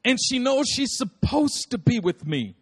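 Animated, high-voiced preacher man. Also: a little slow, breathy edge. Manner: animated, humorous, repeats phrases for emphasis, calls out to audience. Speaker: pastor. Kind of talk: sermon.

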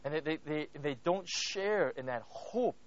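A man preaching a sermon in church, animated and conversational, often checking in with "right?" and "you know.". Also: fairly high pitch, unhurried, muffled recording. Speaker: pastor.

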